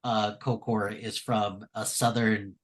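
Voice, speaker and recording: A man co-hosting a podcast, recapping an episode in casual, animated chat with frequent fillers and laughs. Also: lowish voice, slow. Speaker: podcast co-host.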